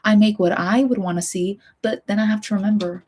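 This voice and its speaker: A young woman in her twenties chatting casually on a soft-spoken stream, rambling and often slipping into a whisper. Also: mid-range voice, steady tone, brisk. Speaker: streamer and hobby voice actor.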